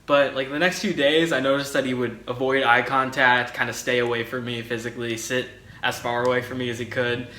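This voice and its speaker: Deadpan young man doing stand-up, echoey room. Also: mid-range voice, brisk. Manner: deadpan storytelling, acts out quotes. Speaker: stand-up comedian. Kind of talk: stand-up comedy set. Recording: echoey room with crowd laughter.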